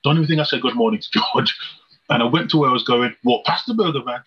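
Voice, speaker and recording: A man's voice: mid-range voice, fast, slightly rough. A man preaching a sermon, telling a personal testimony in an earnest storytelling way with rhetorical questions. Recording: dull lo-fi recording.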